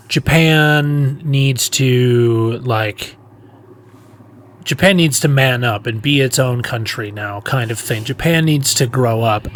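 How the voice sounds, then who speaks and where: A man co-hosting a podcast in a casual movie chat, talkative and playful. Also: medium pitch. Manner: chatty, playful, quick to joke. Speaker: podcast co-host. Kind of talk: casual film discussion.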